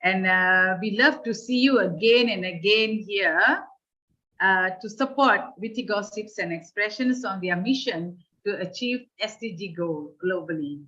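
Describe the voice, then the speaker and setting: A woman guest offers short, eager praise. Her pitch is mid-range. The sound is dull and muffled, like a video call. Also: unhurried, sharp tone. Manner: enthusiastic. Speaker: event guest.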